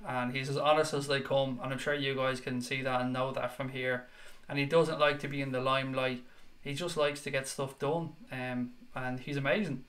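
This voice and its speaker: A man's voice: medium pitch, fairly bright tone. A young male host of a live fan chat show, talking in a loose and unscripted way. He is blunt and salty, swearing freely as he reads viewers' comments aloud and answers them. His voice sits in an ordinary middle range.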